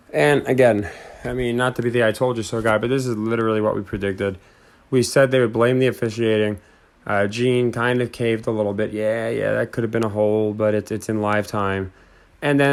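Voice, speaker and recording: Low-pitched male host, casual, skeptical, mocking; recorded commentary over clips. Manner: skeptical, mocking, repeats words. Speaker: sports betting commentator.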